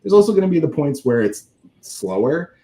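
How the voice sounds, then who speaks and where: A man in his thirties, a guest in a casual interview, talking in a relaxed, rambling way full of filler words. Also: fairly high pitch, brisk.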